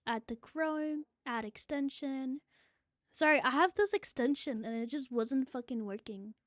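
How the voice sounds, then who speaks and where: A woman's voice: sits high, lively intonation, unhurried, no echo, clean studio sound. A young woman streaming a game, chatting casually, swearing freely and laughing often. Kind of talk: casual gaming stream chat.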